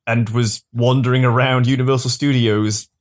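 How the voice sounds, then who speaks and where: A man's voice: medium pitch, flat delivery, moderate pace. A man co-hosting a casual chat, jokey, often restarting his sentences. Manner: jokey, acts out mock dialogue, frequent restarts. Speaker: podcast co-host.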